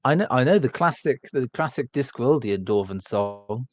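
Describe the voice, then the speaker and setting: A man's voice: medium pitch, expressive, normal speed, darkish tone, no echo. A man chatting on a gaming stream, eagerly explaining book lore at length. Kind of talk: casual chat on a gaming stream. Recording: dry, dull lo-fi mic.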